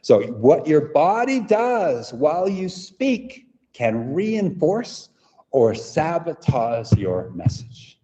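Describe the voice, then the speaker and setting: A man running a live online workshop for teachers, energetic and demonstrative, often checking in with "right?". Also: fairly high pitch, takes it slowly, big-room sound. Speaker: teacher trainer.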